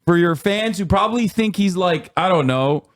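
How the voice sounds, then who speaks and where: A man hosting a livestream, his voice sitting a bit high for a man. He jokes loosely, laughs easily and keeps chiming in with quick agreement. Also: animated. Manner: joking, laughs often, eager agreeing. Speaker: livestream host. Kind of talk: casual livestream chat.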